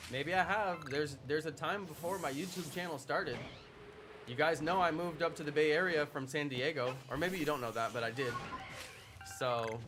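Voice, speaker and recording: A man's voice: fairly high pitch, noisy background. A young man live streaming, chatting casually with his audience in a playful, teasing way. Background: background music.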